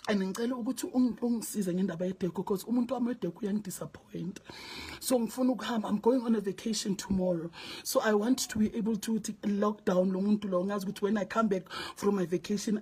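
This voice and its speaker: A woman's voice: medium pitch, darkish tone, breathy edge. A distraught South African woman telling viewers a story, her voice tearful, dropping to whispers and rising to pleading. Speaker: vlogger.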